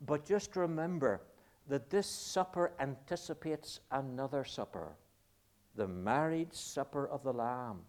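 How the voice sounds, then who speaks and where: Slow, deliberate male preacher. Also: mid-range voice, lively intonation, a little mellow. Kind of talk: sermon.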